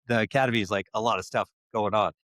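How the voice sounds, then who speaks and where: Guy hosting a podcast, low voice, talks fast, lots of restarts, dry close mic. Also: fairly even intonation, a bit bright, no echo. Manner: quick, rambling questions with restarts. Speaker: podcast host. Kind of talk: casual podcast interview.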